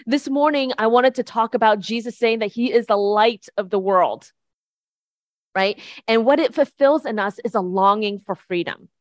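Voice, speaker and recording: A woman's voice: on the high side, moderate pace, dry recording. A woman preacher giving a conversational sermon to a congregation, often checking in with "right?". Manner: chatty, tags points with "right?".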